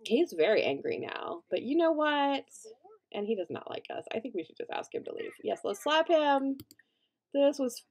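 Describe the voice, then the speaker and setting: A young woman giving chatty gameplay commentary as a let's play host, reacting loudly and laughing often. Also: sits high, sing-song, normal speed.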